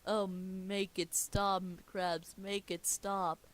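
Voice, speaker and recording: A young man reading the lines of a small scheming male plankton villain in a whiny, quick, pleading way. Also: high voice, fairly even intonation, close to an everyday voice.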